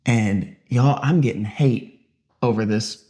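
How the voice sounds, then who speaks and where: A man's voice: mid-range voice, takes it slowly, mellow. A man co-hosting a podcast in casual chat, rambling with lots of fillers. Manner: rambling, uses many fillers. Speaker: podcast co-host.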